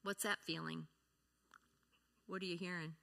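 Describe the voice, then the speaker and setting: A woman's voice: on the low side, fairly even intonation, unhurried, creaky, pushed and bright. A woman speaking at a church, teaching about feelings and grief, often asking the audience questions and acting out example replies. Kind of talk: teaching talk to a congregation.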